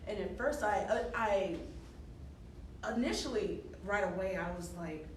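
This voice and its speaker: A woman's voice: medium pitch, measured pace. A woman in her thirties, a wrestler chatting as a radio interview guest, talking with lots of fillers and laughs. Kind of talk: casual radio interview chat. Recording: roomy, distant mic, noisy background.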